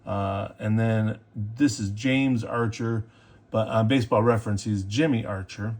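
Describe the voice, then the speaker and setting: A man hosting a casual show-and-tell video about collectible cards, chatty and enthusiastic, with fillers and quick self-corrections. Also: lowish voice, steady tone, darkish tone. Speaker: sports card collector and video host.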